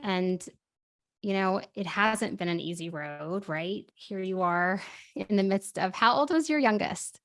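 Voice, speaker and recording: A woman hosting a conversational podcast interview, animated and quick to get heated. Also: medium pitch. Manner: animated, speeds up and swears when heated. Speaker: podcast host.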